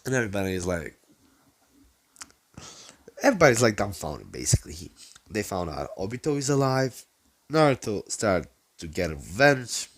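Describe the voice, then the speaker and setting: A man's voice: fairly low pitch, big pitch swings, normal speed, long pauses. A man casually telling a fan-made story, rambling and profane. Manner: rambling, profane, full of fillers.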